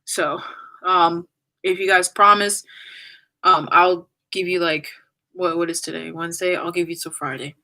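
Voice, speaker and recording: This young woman is saying goodbye to her YouTube audience in a casual livestream, reading comments while trying not to cry. Her voice sits on the low side and stays steady, with a sharp edge and a measured pace, and she rambles and apologizes with many fillers. It's a low-quality recording.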